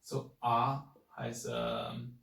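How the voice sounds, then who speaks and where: A man teaches a pinyin lesson at a very slow pace, stopping and restarting as he sounds out each tone. His voice sits at an ordinary pitch. He is recorded from a distance in a room with a strong echo. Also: very animated, creaky, a bit bright. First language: Chinese. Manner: halting, repeats words, demonstrates sounds aloud. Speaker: Chinese language teacher. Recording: echoey room, mic set back.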